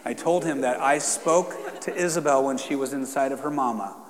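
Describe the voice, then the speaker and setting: In a church sanctuary full of crowd noise and long hall reverb, a pastor speaks at a moderate pace in a medium-pitched voice. His sermon is casual and conversational, and it moves into a fervent prayer.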